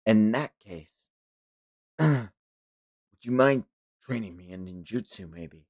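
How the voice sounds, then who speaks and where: A man voicing a brooding young male fighter who speaks low and subdued. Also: animated, slow pace, a little mellow, no room sound. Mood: quiet resolve.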